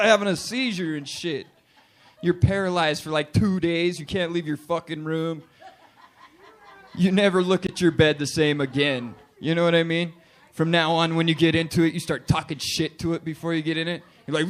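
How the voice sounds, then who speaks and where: A late-twenties comedian with a higher-than-average voice and a normal speaking speed works a bar crowd with a profane stand-up set. He's loud and punchy, throwing in put-on voices for the live audience.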